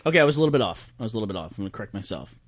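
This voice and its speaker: Fast-talking man on a podcast. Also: on the low side. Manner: animated storyteller, breaks down numbers. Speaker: podcast host. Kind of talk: casual chat.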